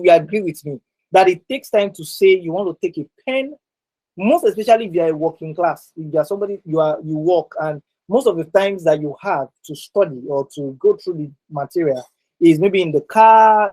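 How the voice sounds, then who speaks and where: A man's voice: high voice, moderate pace, dark tone, rough recording. A man teaching a live online exam-prep class over a video call. He repeats his points and tags many sentences with "right?".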